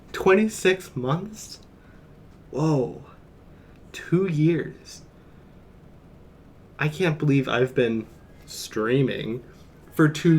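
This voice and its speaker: A man's voice: mid-range voice, a little hiss or hum. A man streaming from home, chatting casually in a rambling, jokey way and chuckling often. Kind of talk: casual live-stream chat.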